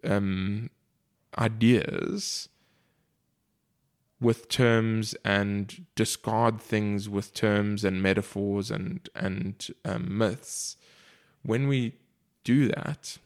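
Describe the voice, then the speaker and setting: A man in a casual book discussion, speaking in a measured, reflective way. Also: fairly low pitch, steady tone, gravelly. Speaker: podcast co-host discussing a book.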